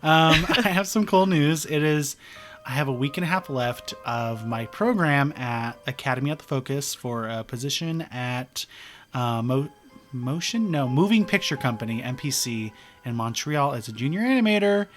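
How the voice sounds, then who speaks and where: A man's voice: mid-range voice, animated, normal speed, soft background music. A young man co-hosting a casual podcast, playful and giggly, sometimes stretching words out. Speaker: podcast co-host. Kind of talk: casual chat.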